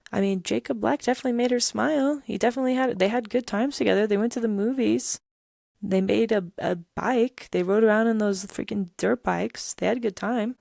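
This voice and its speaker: A woman's voice: on the high side, brisk, gravelly, darkish tone, dry recording, clean studio sound. A young woman hosting a podcast, giving emphatic, casual commentary and pressing her points with rhetorical questions. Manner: emphatic, rhetorical, keeps asking "right?" and "okay?". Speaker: podcast host. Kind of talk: casual commentary on song lyrics.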